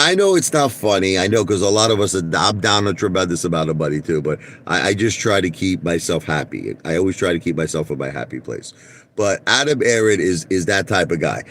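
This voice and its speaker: A man's voice: deep voice, sing-song, fairly quick, a little hiss or hum. A man ranting casually to his viewers, swearing often and laughing at his own jokes. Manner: profane, laughing, acts out quotes in a raised voice. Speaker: vlogger. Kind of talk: casual rant to camera.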